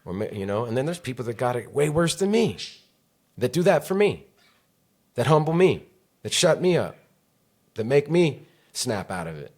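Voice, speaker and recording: A man's voice: medium pitch, big pitch swings, moderate pace, pauses often, darkish tone. A man hosting a solo podcast, talking in a candid, rambling, profane and confessional way. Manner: emotional, confessional. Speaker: podcast host.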